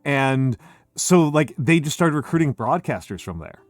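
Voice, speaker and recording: A talkative man speaking with a General American accent, hosting a relaxed chat and walking through history with many restarts. His voice sits at an ordinary pitch and sounds close and dry, with faint music underneath. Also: moderate pace, no echo. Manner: chatty, restarts often, lectures on history. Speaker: streamer host. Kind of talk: casual chat.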